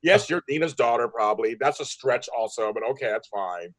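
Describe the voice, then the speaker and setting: Excitable fast-talking man, lively high voice. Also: dry recording. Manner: excitable, gushing, rapid talk. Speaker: soap opera recap panelist. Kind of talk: casual chat.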